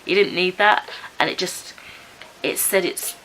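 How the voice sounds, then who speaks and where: A woman with a raspy, stuffed-up voice from a cold, chatting casually through a book review with lots of fillers and restarts. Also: fairly low pitch, measured pace, fairly bright tone, a little hiss or hum, poor audio. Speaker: book vlogger. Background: background music.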